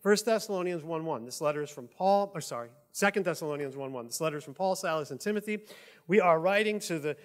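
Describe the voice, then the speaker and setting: A man's voice: on the high side, expressive, fast talker. A male pastor preaching a sermon in church, conversational and joking, with asides to the congregation.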